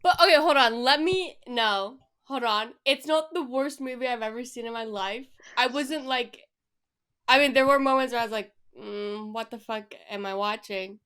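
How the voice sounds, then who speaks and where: A woman co-hosting a podcast in casual chat, blunt and animated, swearing freely. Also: sits high, moderate pace, clear, resonant tone. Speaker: podcast co-host.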